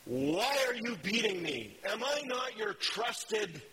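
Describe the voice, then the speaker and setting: An indignant, put-upon talking donkey, as a preacher puts it on with a high, bright, raised voice that pleads and complains in exasperation. A faint hiss sits under the sound. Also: male voice, very animated, slow, in a large hall, exaggerated voice, rough recording.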